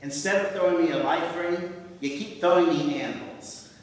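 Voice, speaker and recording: A man's voice: on the high side, moderate pace, a little hiss or hum, lightly acted. A man acting a self-doubting writer and husband with a wry, self-deprecating manner, performed on a theatre stage. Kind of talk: amateur stage comedy acting. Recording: echoey hall, from far off.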